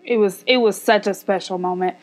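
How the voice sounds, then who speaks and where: A woman's voice: mid-range voice, fairly quick. A young woman co-hosting a podcast, chiming in supportively during a casual chat. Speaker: podcast co-host.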